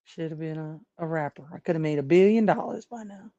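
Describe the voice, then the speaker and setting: A woman's voice: sits low, a little fast, warm tone, no room sound. Chatty woman livestream host, rambles and laughs a lot and talks to chat; dry, dull home recording. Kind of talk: casual livestream commentary.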